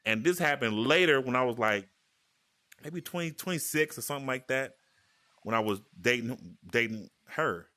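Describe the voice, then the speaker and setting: A man hosting a podcast, telling a story in casual chat with animated delivery and stammering restarts. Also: mid-range voice, moderate pace. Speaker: podcast host. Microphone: VR headset mic.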